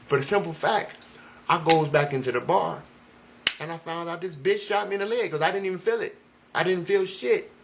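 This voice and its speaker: A man's voice: on the high side, vocal fry, a bit bright. Rambling, profane man telling a story. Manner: rambling, profane, emphatic, frequent "you know what I'm saying". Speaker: vlogger. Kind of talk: casual first-person storytelling.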